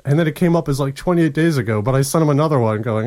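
A man's voice: on the high side, fast talker, hardly any pauses, darkish tone, no echo. A man co-hosting a podcast, telling a rambling story with plenty of swearing and laughter on his own mic. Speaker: podcast co-host. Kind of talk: casual podcast chat. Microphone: own mic, recorded separately.

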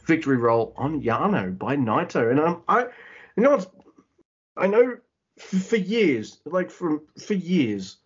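A man's voice: fairly high pitch, measured pace, breathy edge. Guy cohosting a podcast, swears a lot, laughs easy, kinda muffled audio. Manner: profane, excitable, laughs often. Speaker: podcast co-host. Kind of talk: casual wrestling chat. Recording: slightly dull lo-fi audio.

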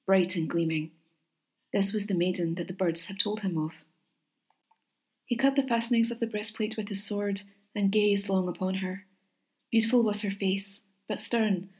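Female storybook narrator, measured and gentle, mid-pitched voice. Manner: measured, gentle reading with expressive pauses.

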